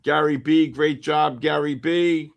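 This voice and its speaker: A man's voice: a little high, steady tone, unhurried, vocal fry. A man hosting a live futures trading stream, chatting casually and coaching viewers by name as the markets move. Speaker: futures trading livestream host.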